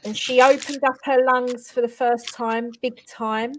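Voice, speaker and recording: A woman's voice: fairly high pitch, steady tone, a little slow, a little hiss or hum, poor audio. An older woman hosting a live chat stream, chatting casually with panel guests and thanking viewers. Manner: chatty, warm sign-off thanks.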